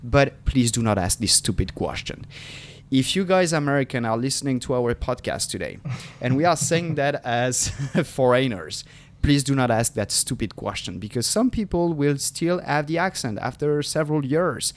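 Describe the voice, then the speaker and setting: A man in his thirties from France with a French accent, co-hosting a casual podcast chat, animated and swearing freely. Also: medium pitch, moderate pace. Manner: animated, swearing, restarts sentences. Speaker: podcast co-host.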